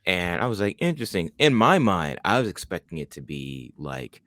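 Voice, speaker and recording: A man's voice: deep voice, big pitch swings, normal speed, a bit bright, dry recording. A man co-hosting a podcast, chatting casually and enthusiastically about a horror film, rambling with many restarts. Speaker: podcast co-host. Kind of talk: casual film review chat.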